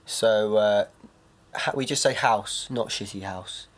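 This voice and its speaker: A young man, co-hosting a podcast and telling stories in a relaxed, casual way, laughing easily. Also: on the low side, slow pace. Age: young adult. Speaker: podcast co-host. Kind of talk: casual chat.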